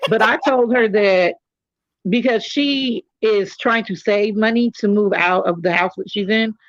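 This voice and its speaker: A woman's voice: mid-range voice, unhurried, no room sound, muffled recording. A middle-aged woman from California hosting a casual chat, telling candid stories with joking asides. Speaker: host.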